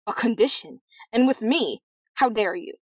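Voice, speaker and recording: A woman voicing a hot-tempered, blustering old king in a storybook reading, with loud huffy outbursts. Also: mid-range voice, fast talker, no echo, lightly acted. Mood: angry.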